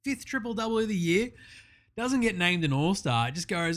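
A man's voice: sits high, lively intonation, normal speed, a bit bright. A man with an Australian accent hosting a basketball podcast, ranting brashly and swearing constantly in a jokey way. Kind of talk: profane comedic sports rant.

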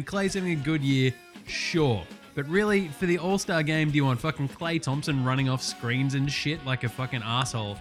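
An Australian man hosting a sports podcast, ranting casually with lots of swearing and heated outbursts. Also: medium pitch. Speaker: podcast host.

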